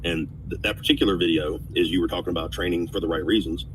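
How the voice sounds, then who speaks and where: Deep-voiced, fast-talking trucker man. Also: steady tone, far from the mic, background noise. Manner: preachy advice to drivers, emphatic. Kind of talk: casual podcast chat.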